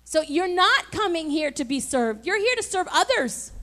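Woman pastor with a high voice, preaching emphatically with call-and-response. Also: big pitch swings, moderate pace, hardly any pauses, fairly bright tone. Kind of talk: sermon.

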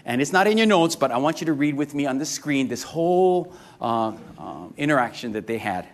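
A man preaching a sermon to a congregation, lively and joking, often asking the crowd questions. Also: mid-range voice, fairly quick. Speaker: pastor.

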